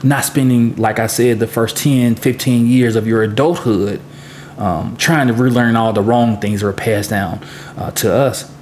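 A man's voice: mid-range voice, steady tone, unhurried, a little mellow, a little hiss or hum. A middle-aged man hosting a solo podcast, talking in an earnest, reflective way and often repeating words as he thinks. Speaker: podcast host.

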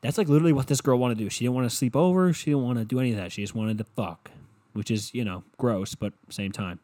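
A man's voice: mid-range voice, fast talker, warm tone. A young man hosting a solo podcast, rambling casually with lots of profanity and filler words. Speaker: podcast host.

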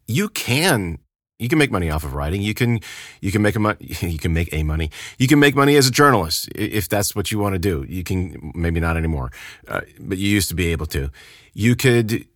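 A man's voice: lowish voice, expressive, brisk, no room sound, studio quality. A man co-hosting a podcast in casual, emphatic conversation, often restarting his phrases. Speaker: podcast co-host. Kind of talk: casual chat.

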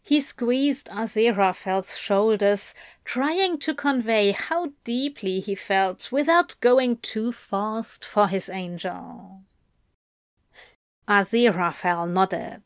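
A woman reading a story aloud in a slow, careful, intimate way. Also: on the high side, animated, no echo, studio quality. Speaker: reader. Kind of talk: audiobook narration of fan fiction.

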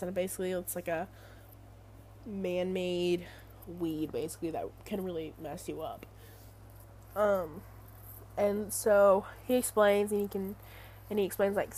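A woman's voice: mid-range voice, mellow, slight background noise. A young adult woman telling a casual story in a rambling, chatty way full of fillers. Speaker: vlogger.

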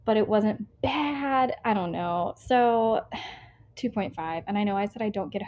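This young American co-host has a mid-range, darkish voice and takes her time. She's chatting loosely about books, rambling with plenty of fillers and breaking off mid-thought, captured in slightly muffled lo-fi sound.

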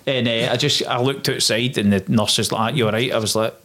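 A young Scottish man, a former soldier, telling his story in a plain, low-key way during a casual interview. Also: fairly even intonation, fairly quick, fairly bright tone. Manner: low-key, plain-spoken, recounting events in long runs.

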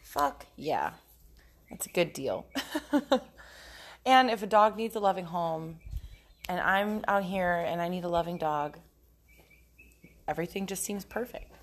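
A woman's voice: lowish voice, a little slow, pauses often. A young adult woman hosting a casual solo podcast, talking frankly and profanely and often breaking into giggles. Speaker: podcast host.

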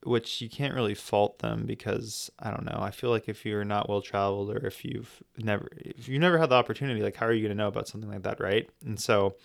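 A man's voice: on the low side, fairly even intonation, quick pace, vocal fry, few pauses. An American man talking in a casual travel vlog, rambling and joking with many restarts. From United States. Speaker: travel vlogger.

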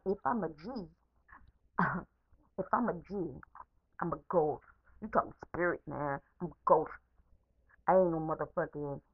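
A woman's voice: deep voice, phone-quality sound. A woman podcaster in an angry, unscripted rant, swearing heavily and repeating herself, recorded as a phone voice message. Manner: profane, repetitive, heated.

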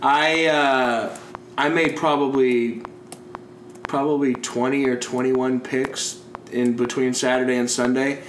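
A young man co-hosting a podcast, excitable and hyped, chatting casually about sports bets. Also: mid-range voice, slow pace. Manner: excitable, hype, talks in bursts. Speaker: podcast co-host. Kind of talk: casual sports betting chat. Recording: echoey room with background noise.

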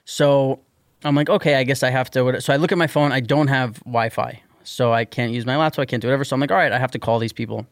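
A man telling a story on a podcast in casual chat, animated and exasperated, swearing often. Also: mid-range voice, fast, dry recording, studio quality. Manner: animated, profane, exasperated ranting. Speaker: podcast host.

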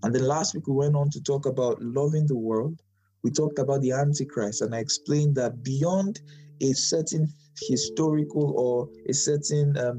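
A man as pastor, teaching a Bible study sermon, quoting verses with stress and asking quick tag questions. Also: mid-range voice, warm tone, poor audio.

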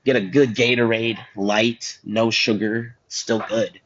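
A teenage boy hosts a podcast on his own, going off on tangents and joking at his own expense. His voice sits low. The school-room recording sounds muffled and lo-fi. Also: a little slow, a bit bright. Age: teens. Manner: joking, self-deprecating, goes off on tangents. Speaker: student podcast host. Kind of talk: rambling solo podcast chat.

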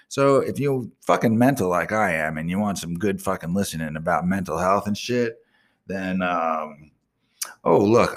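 Male radio host, low-ish voice, foul-mouthed rambling rant with sudden indignant shouts. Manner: profane, ranting, swears constantly; bursts into loud indignant outbursts.

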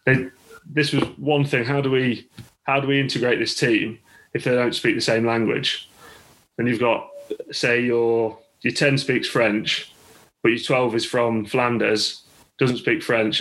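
A man's voice: mid-range voice, a bit bright, low-quality recording. A man with an English accent, a rugby coach telling stories as a guest in a casual podcast chat. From England. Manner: chatty, with many restarts and laughs. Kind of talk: casual interview storytelling.

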